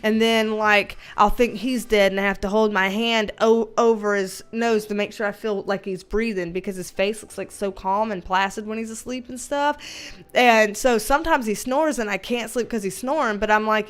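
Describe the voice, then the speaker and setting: A woman's voice: medium pitch, steady tone, measured pace, clean tone, faint music behind. A Southern American woman in casual livestream chat from home, rambling and talkative, laughing often as she greets viewers. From Southern United States. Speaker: livestream host.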